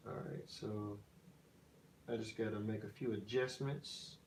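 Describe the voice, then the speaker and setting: A man's voice: on the low side, fairly even intonation, unhurried, darkish tone, slight background noise. A man hosting a casual livestream, teasing and joking with his chat viewers and talking into an iPhone on a selfie stick. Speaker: streamer hosting his own channel.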